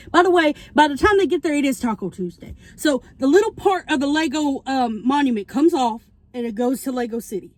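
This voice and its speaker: Sitting in a parked car and filming on her phone camera, a woman eats while rambling through a movie's plot, animatedly acting out quotes from the characters. Her high voice is brisk, with few pauses.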